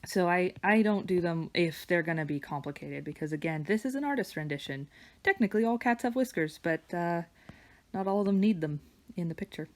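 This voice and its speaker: A woman artist chatting casually while she draws, wandering between stories and soft murmured asides about her work. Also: lowish voice, animated, fairly quick. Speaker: digital artist and vlogger. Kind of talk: casual chat while drawing. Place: home studio with her dog nearby.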